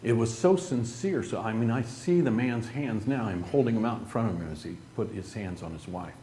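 A man telling a group an emotional personal story in an earnest, halting way, with restarts and some throat-clearing. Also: lowish voice, warm tone, roomy sound, a little hiss or hum.

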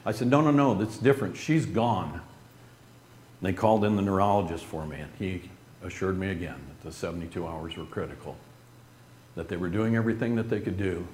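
Man, emotional personal testimony, halting and earnest, lowish voice, faint room hum. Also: a little mellow, reverberant. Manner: earnest, halting, with restarts and throat-clearing. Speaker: speaker telling a personal story to a group.

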